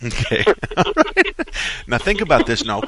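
A man hosting a call-in car repair radio show, explaining things slowly and folksily with frequent restarts. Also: medium pitch, wildly swooping pitch, fairly bright tone.

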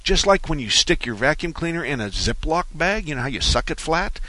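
A man's voice: fairly high pitch, sing-song, fairly quick, pushed and bright, dry recording. A man hosting a talk radio car show, rambling through folksy stories in a studio. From Arizona. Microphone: studio microphone.

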